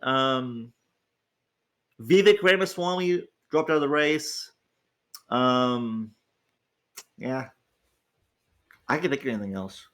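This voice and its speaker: A man's voice: medium pitch, takes it slowly, long pauses, fairly bright tone. A tired, groggy man hosting a casual livestream, rambling, stammering on restarts and swearing freely. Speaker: host.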